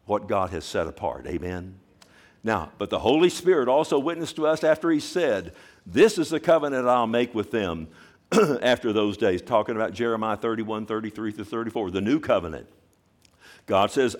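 Male pastor mid-sermon, emphatic, swinging from loud bursts to hushed emphasis, calls for "amen". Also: lowish voice. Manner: emphatic preaching with call-and-response questions. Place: church service.

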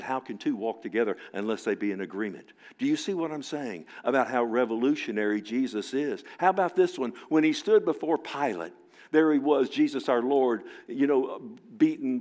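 A male preacher delivering a sermon at a middle pitch. He rises to loud, emphatic phrases, then drops to near-whispered, slowed lines. Repetitions and restarts drive his points home. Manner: dramatic preaching, swings from loud to hushed; repeats words and restarts for emphasis.

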